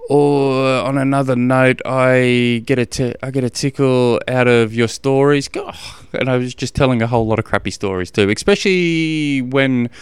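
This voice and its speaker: Casual Australian male podcast host, middle-aged, rambling and self-mocking, smooth voice, dry close mic. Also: medium pitch, normal speed, few pauses, dry recording. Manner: rambling, self-deprecating, laughs often. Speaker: podcast host, endurance coach. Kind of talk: casual solo podcast chat.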